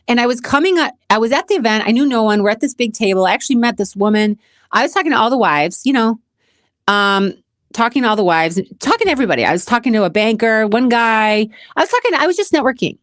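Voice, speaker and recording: A woman's voice: fairly high pitch, animated, fast, no room sound. Middle-aged woman, channel host, candid and emotional storytelling, dry close sound. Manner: emotional, repeats herself, addresses viewers as guys. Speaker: host of a self-help channel.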